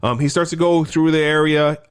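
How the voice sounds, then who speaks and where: Animated, profane man recapping a film. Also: on the high side, a little fast, smooth. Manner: profane, animated storytelling with acted quotes. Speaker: podcast co-host. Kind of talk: casual movie recap chat.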